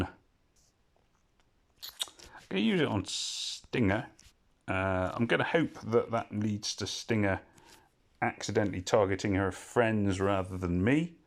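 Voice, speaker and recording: A man giving casual, rambling commentary as he plays a mobile puzzle game, often drifting off topic and correcting himself. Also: lowish voice. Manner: rambling, digressive and self-correcting.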